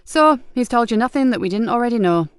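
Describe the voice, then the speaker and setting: A woman voicing a sharp, tough female detective inspector who talks brisk and blunt. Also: fairly high pitch, expressive, clean tone, dry recording, clean studio sound, pitched above the performer's own voice, lightly acted.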